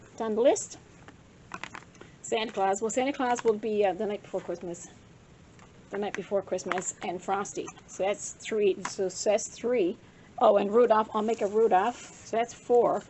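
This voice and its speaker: Slightly out of breath, an older woman chats and rambles through a show-and-tell of her craft supplies, correcting herself often in her craft vlog. Her voice is a little high and a little mellow, and the rough recording carries slight background noise.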